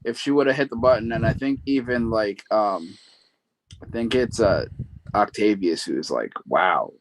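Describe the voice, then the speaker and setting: Low-voiced man chatting casually. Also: moderate pace, a little hiss or hum, low-quality recording. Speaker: podcast co-host. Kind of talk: casual film recap chat.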